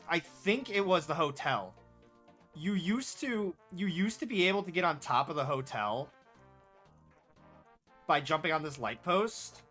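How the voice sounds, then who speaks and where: A man's voice: fairly high pitch, bright, forceful tone. Laid-back young man streaming a game. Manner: laid-back, rambling, swears casually. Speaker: gaming streamer. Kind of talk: casual gameplay commentary.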